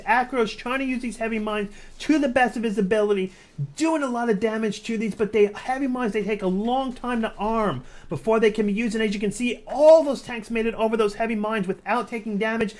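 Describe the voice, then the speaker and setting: A man giving live play-by-play commentary on a strategy game, talking to viewers as guys and building to excited near-shouting at big plays. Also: extremely high pitch. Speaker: game caster.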